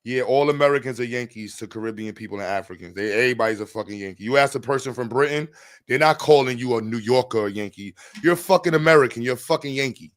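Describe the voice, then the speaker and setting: A man with a New York accent hosting a podcast, bantering fast and swearing as he jokes. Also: mid-range voice. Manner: profane, joking, rapid banter. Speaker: podcast host. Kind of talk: casual chat.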